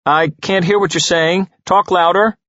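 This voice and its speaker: A man reading aloud and voicing a pushy young female journalist calling loudly through a door. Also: sits high, lively intonation, a little fast, dry recording, dull audio, pitched above the performer's own voice. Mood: eager calling. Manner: eager, loud, insistent.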